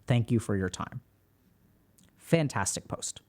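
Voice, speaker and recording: A man hosting a stream, reading a viewer's post aloud and explaining his thoughts in a calm, reflective way. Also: fairly low pitch, slow pace. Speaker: host.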